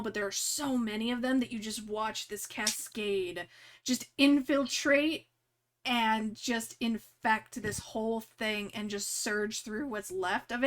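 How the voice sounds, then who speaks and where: A woman game master narrates a tabletop game in a loose, laughing way, full of fillers. Her voice sits a little high.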